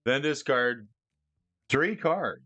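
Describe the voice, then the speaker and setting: A man streaming casually, excitable and often stammering through restarts as he talks about cards and gifts. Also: medium pitch, slow pace, no room sound, soft background music. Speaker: streamer discussing card prices. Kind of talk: casual live-stream chat.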